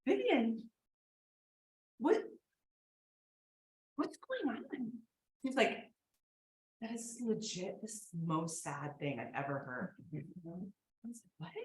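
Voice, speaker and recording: Brash, animated woman telling stories on stage. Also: on the high side, slow pace, pauses often, reverberant, low-quality recording. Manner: profane, confessional, swings between loud and hushed. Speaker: solo performer. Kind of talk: live comedic storytelling. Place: theater stage.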